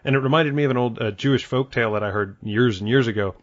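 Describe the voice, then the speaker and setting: Man, casual book discussion, thoughtful, halting, dry close sound. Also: medium pitch, no echo, muffled recording. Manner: thoughtful, hesitant with many fillers.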